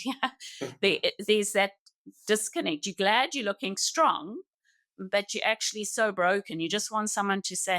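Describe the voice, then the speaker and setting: A middle-aged woman speaking as a podcast guest in an earnest, reflective, halting way, often restarting her sentences. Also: mid-range voice, a bit bright, no room sound, studio quality. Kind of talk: reflective personal conversation.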